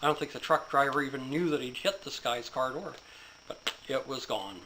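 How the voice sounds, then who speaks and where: A man's voice: fairly high pitch, moderate pace, fairly bright tone, a little hiss or hum, rough recording. A man telling a long joke in a casual, folksy storytelling manner.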